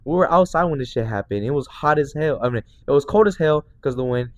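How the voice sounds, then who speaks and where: A man in his twenties, a podcast host, telling a story in excited, slangy casual chat full of fillers. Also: mid-range voice, fast talker. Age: 20s.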